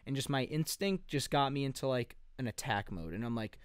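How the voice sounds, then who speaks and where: A young man from New Jersey tells a story on a podcast in a rambling, "like"-heavy way. His voice is smooth and clear, with a mid-range pitch and a dry, close sound from a home basement. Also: animated, brisk, dry recording. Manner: rambling, peppered with "like" and "dude". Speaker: podcast co-host. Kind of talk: casual storytelling.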